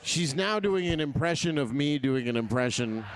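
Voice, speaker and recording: A man doing crowd-work stand-up comedy, loose and profane, laughing often and swinging his pitch up and down. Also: lively intonation, moderate pace, noisy background.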